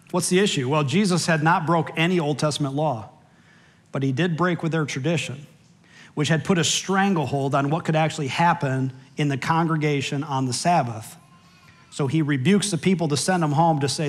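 An American man preaching a sermon as pastor in a church, animated, with sudden drops to a low, quiet voice for asides. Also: a little slow, pauses often. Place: church sanctuary.

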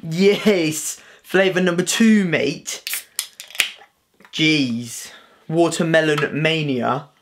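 A man's voice: a little high, very slow, a bit bright, a little hiss or hum. A young British man with an English accent vlogging casually to camera, slangy and sweary, tagging "mate" onto his sentences. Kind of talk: casual vlog talk to camera. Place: at home, then by car and outdoors.

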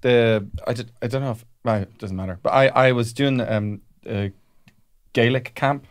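Irish guy rambling thru a story on a podcast, lots of uhs, normal pitch. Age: young adult. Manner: halting, filler-heavy storytelling with lots of "uh". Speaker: comedy podcast co-host. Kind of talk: casual chat, storytelling.

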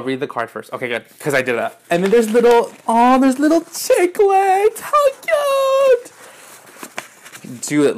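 An excitable young man in his twenties, talking through a casual unboxing vlog at home. His voice sits in a middle pitch, drops lower and quieter for asides, and shoots into high squeals when he's delighted. He swears freely. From United States. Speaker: YouTuber opening fan mail. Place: indoors at home, apartment.

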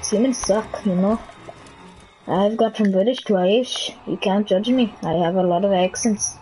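A woman's voice: mid-range voice, moderate pace, warm tone, a little hiss or hum, poor audio. A woman streaming a game live, chatting playfully and teasing other players as she plays. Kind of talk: live gameplay commentary. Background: game music.

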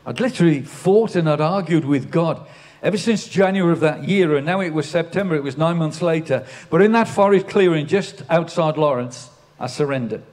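A man's voice: a little high, a little fast, a little mellow. Older man preaching a sermon. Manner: storytelling, builds to emphatic declarations. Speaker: pastor. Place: church.

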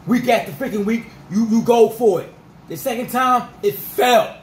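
A man ranting as a sports fan vlogger, fired up and repetitive, his voice going rough. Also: extremely high pitch, normal speed, roomy sound, a little hiss or hum, poor audio. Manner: fired-up, repetitive, peppered with 'freaking' and 'dog'.

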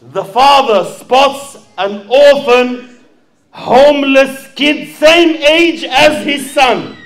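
With a very high, fairly bright voice, this fundraising preacher from Sydney works up an impassioned sermon. He calls out to his audience and acts out a story as he goes.

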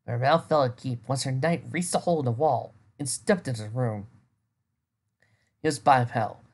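A woman reading fan fiction aloud, with small stumbles and restarts. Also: rumbling low. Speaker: reader.

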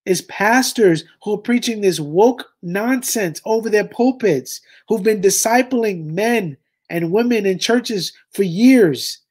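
He's a commentary host with an impassioned, sermon-like style, speaking right to "y'all" and driving each point home in his reaction video. The voice is high and slow, darkish in tone, with lively intonation.

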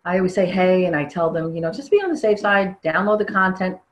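An older woman gives an earnest personal testimony in an interview, speaking haltingly and often restarting her sentences. Her voice is fairly low, and the recording is low quality.

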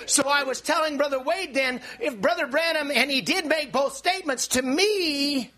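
A man preaching a sermon in an animated, exclaiming style, often restarting his sentences and breaking into shouts. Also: extremely high pitch, normal speed, few pauses.

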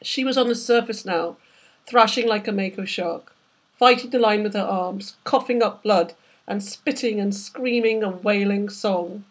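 A woman's voice: medium pitch, measured pace, husky. A woman, the author, reading aloud from her novel with vivid, dramatic storytelling. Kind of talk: literary reading.

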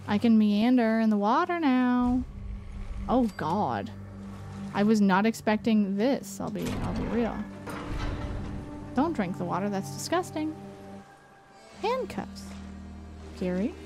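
A woman streamer giving casual gameplay commentary, excitable and sweary. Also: a little high.

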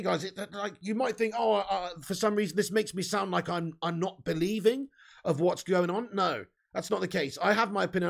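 Gravelly, high-voiced English man chatting live. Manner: chatty, reads viewer comments aloud, swears casually. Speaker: livestream host reading chat. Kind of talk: casual live chat.

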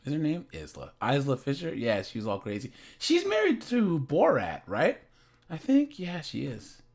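A man casually rambling in reaction commentary, speaking slowly and often calling his viewers "guys" and "man". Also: fairly high pitch, huge pitch swings, a little mellow.

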